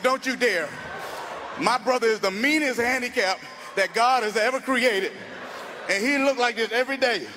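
Loud animated comic guy, really high voice, laughs at his own jokes, noisy room. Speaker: stand-up comedian. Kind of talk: stand-up comedy storytelling.

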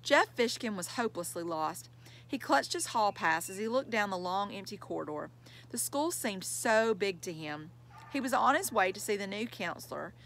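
A woman narrating a children's chapter book in a measured, clear storytelling manner. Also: mid-range voice, lively intonation, fairly bright tone. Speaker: audiobook reader.

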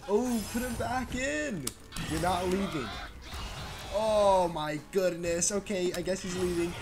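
A man commentating his own fighting-game match as he plays, exclaiming, chuckling and trash-talking his opponent. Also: high-pitched. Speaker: gaming channel host. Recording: game music clearly behind voice. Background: game music.

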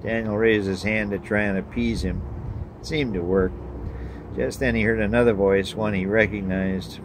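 Earnest low-voiced male preacher. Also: fairly even intonation, moderate pace, background noise. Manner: earnest and emphatic. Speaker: pastor. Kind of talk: sermon with story reading.

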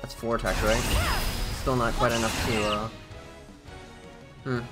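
A man's voice: medium pitch, little pitch movement, unhurried, loud music behind the voice. A young man giving casual let's-play commentary, laid-back and profane, thinking aloud as he plays. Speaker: gaming channel host.

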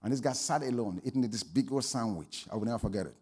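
A pastor preaching a sermon, telling a story that swings from quiet asides to loud exclamations. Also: male voice, medium pitch, quick pace, husky, long reverb tail.

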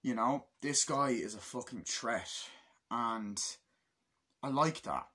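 A young man giving a casual film review, excitable and full of swearing as he retells scenes. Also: medium pitch, takes it slowly, breathy edge. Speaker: movie reviewer.

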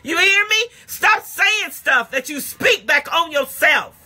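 A woman's voice: very high-pitched, lively intonation, takes it slowly, bright, forceful tone. A woman pastor giving a live-streamed sermon, blunt and colloquial, repeating phrases in rhythm and often bursting into emphatic exclamations. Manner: blunt and colloquial, speaks directly to listeners. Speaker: pastor and prophetic teacher.

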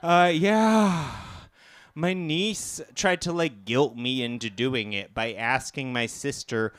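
A comedian performing a live stand-up set in a small cafe, camp and self-deprecating, with jokey asides. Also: male voice, medium pitch, slow, a bit bright, no echo.

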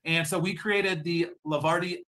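A man giving an upbeat sales pitch to an audience, asking rhetorical questions. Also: fairly even intonation, moderate pace, sharp tone. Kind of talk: sales presentation.

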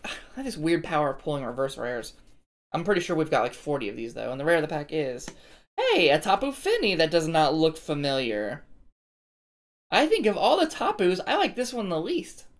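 A woman hosting a card-opening video, chatting to viewers in a chatty, self-deprecating way. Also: low-pitched. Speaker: card-opening channel host. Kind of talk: casual chat while opening card packs.

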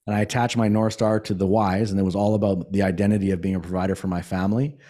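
A man telling a candid personal story in a blunt, profane way, sometimes slowing down to stress a point. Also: fairly low pitch, little pitch movement, mellow. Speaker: podcast guest.

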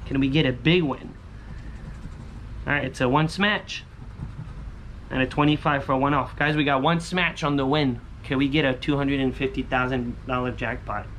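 A young man chatting through a scratch-off lottery vlog, repeating catchphrases and breaking into high excited yells. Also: normal speed, a little hiss or hum. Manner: bursts into high shouts and sing-song yells when winning; chatty, repeats catchphrases like "holy smokes" and "booyah". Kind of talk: casual excited vlog commentary.

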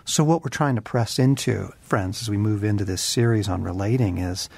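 A man co-hosts a Christian talk show in an earnest, reflective way. His voice is husky and sits slightly low. The sound is dry and close. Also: normal speed, darkish tone, no room sound. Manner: earnest, reflective, addresses listeners as friends. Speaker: co-host.

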